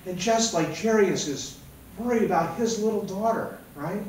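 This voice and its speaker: A man's voice: high-pitched, moderate pace, darkish tone, a little hiss or hum. Echoey man preaching from afar. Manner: conversational, keeps asking "right?". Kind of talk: sermon. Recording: very echoey room, mic far off.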